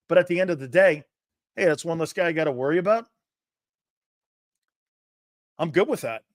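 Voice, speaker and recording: Male sports talk host, blunt, combative, swears freely, slightly high voice, dry close sound. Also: no echo. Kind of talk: opinionated sports talk, reading chat.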